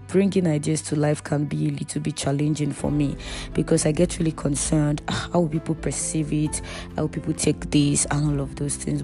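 Low husky-edged woman podcasting warmly. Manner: chatty and heartfelt, addresses listeners as "you guys". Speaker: podcast host. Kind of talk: casual faith podcast monologue.

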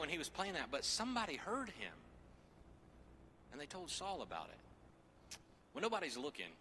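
A man preaching a sermon with jokes, swinging from loud, energetic Bible reading to near whispers, on a handheld microphone. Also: mid-range voice, a little hiss or hum. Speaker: pastor. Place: church sanctuary.

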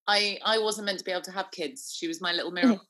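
A woman's voice: medium pitch, racing, fairly bright tone. A woman in her thirties co-hosting a podcast, chatting casually, often restarting her sentences and giggling. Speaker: podcast co-host. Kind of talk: casual chat.

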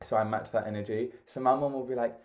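A man co-hosts a casual podcast chat at an ordinary, middle pitch. He tells stories freely, laughs often, and acts out screams. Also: steady tone, fast talker, darkish tone. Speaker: podcast co-host.

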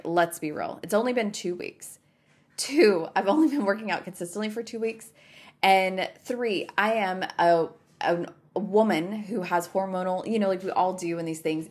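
A woman hosting a podcast, talking openly to listeners in an earnest, personal motivational style, repeating phrases for emphasis. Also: fairly low pitch. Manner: addresses listeners as y'all. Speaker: podcast host.

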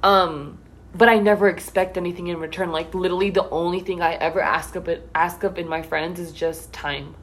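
A young woman hosts a casual talk among friends, her voice a touch low. She speaks earnestly and emotionally, near tears at times. Faint background noise sits under her voice. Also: steady tone, brisk. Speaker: host. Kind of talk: casual chat.

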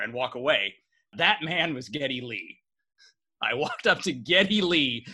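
A man from Canada with a bright, forward voice and a husky edge. He co-hosts a relaxed chat and tells lively, animated stories, often laughing as he goes. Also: a little high, moderate pace. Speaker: podcast co-host. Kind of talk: casual chat.

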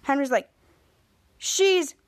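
A woman's voice: high-pitched, expressive, slow pace, no room sound. A woman podcast host casually recapping a TV episode, retelling scenes with lots of quoted lines.

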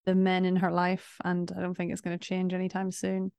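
A woman's voice: lowish voice, monotone, fairly quick, darkish tone, clean tone, no echo, studio quality. A woman co-hosting a podcast, chatting casually, laughing often and answering with short agreements. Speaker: podcast co-host. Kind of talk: casual chat.

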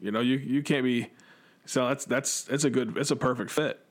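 A man's voice: mid-range voice, steady tone, moderate pace. Rambling, joking podcast host, a man. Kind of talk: casual chat.

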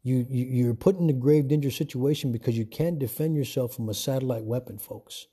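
Husky man preaching in a rambling way. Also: medium pitch, brisk, warm tone. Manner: rambling, repeats words, calls listeners "folks". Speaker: self-made preacher. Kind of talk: informal preaching monologue.

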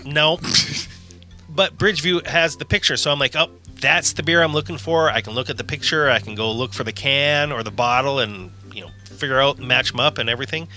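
A man's voice: medium pitch, a little fast, bright, forceful tone, soft background music. A man chatting on a casual podcast, laid-back and chuckling. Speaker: podcast co-host.

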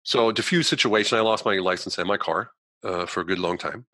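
In a conversation, a man shares something from his own life as a guest, imitating the people he quotes and filling gaps with plenty of "you know". He's lowish and a little fast, and there's no echo.

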